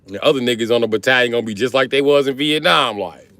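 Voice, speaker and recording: A man's voice: mid-range voice, fast, pushed and bright, no echo. A man riffing profanely on a livestream, switching between bits as he talks. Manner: profane, riffing, jumps in and out of voices. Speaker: comedian streamer.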